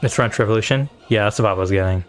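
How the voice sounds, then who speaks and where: A man's voice: on the low side, very fast. A man from South Asia streaming live, giving casual, rambling, profane reaction commentary while he thinks aloud. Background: faint anthem music playing.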